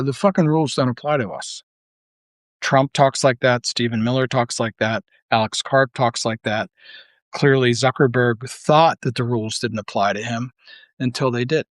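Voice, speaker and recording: A man holds forth in a heated, blunt monologue, swearing freely and firing off rhetorical questions. He rambles and restarts as his thoughts race ahead. His voice sits at an ordinary middle pitch, recorded close and dry. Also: dry recording. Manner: heated, blunt, profane ranting. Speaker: online commentator. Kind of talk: unscripted political monologue.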